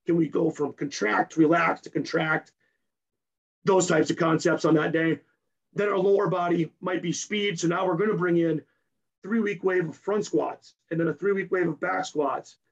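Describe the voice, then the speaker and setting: A strength coach, a man, explaining his training program in rapid, technical detail in a podcast interview while hoarse from losing his voice. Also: on the high side, steady tone, dull audio. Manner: rapid and technical, keeps tagging "right?".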